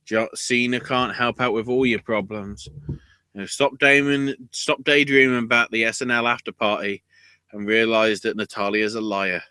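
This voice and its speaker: Male podcast host, casual wrestling recap, swears a lot, excitable, dry close sound. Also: on the low side, moderate pace, clean tone, no echo. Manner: profane, excitable, bursts into loud outrage.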